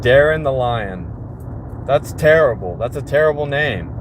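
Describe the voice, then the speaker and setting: A man's voice: mid-range voice, lively intonation, a little slow. A man chatting casually to his livestream viewers from work, rambling and joking with plenty of profanity. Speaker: livestream host. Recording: loud vehicle and street noise. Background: vehicle noise.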